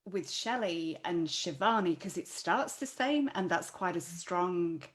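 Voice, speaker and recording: A woman's voice: fairly low pitch, lively intonation, a little slow. A woman hosting an online conversation, musing thoughtfully aloud over a video call. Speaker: host.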